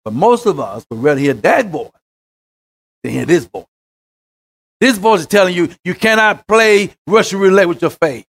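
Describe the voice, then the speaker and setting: A man with a high voice preaches a sermon. He swings between shouted exhortations and sudden quiet drops, as a pastor does when driving home a point. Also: expressive, brisk, hardly any pauses.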